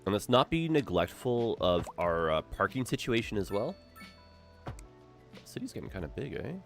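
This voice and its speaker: A man with a stuffed-up nose giving casual gameplay commentary, thinking aloud in a relaxed way. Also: lowish voice, moderate pace, gravelly, soft background music. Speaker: game streamer.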